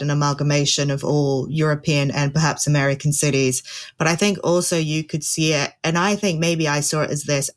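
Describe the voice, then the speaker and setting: Deep-voiced enthusiastic woman. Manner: enthusiastic, openly fond of what she discusses. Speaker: guest film critic. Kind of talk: casual film review chat.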